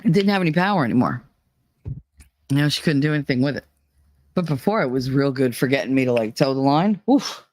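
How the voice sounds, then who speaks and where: A woman in her thirties chats casually on her channel from a home room with a heater, her voice rumbling low and darkish. She's expressive and brisk but leaves long pauses, and she's blunt, profane, and laughs often.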